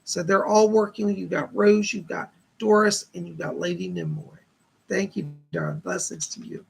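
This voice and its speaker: Gravelly, husky man giving psychic readings. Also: high voice, expressive, normal speed. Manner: earnest, reassuring, thanks donors with blessings. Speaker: psychic medium host. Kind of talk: live-stream psychic readings.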